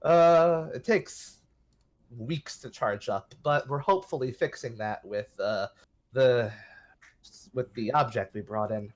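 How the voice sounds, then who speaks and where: A man's voice: mid-range voice, slow pace, lightly acted. Weary official, flustered and hesitant, sighs and stalls , played by a man. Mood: evasive. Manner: hesitant, full of uhs and sighs.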